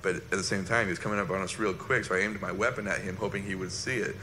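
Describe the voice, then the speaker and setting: A man, a former soldier recounting an incident in a halting, reflective personal monologue. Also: low voice, fairly even intonation, sharp tone, a little hiss or hum.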